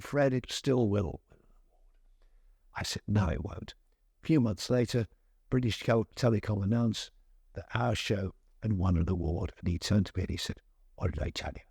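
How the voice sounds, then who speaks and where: Brief: older male storyteller, low, mellow, slightly husky, dry close sound, chatty and amused. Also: no room sound. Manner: chatty, amused, with frequent restarts. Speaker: veteran TV presenter. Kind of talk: anecdotal storytelling.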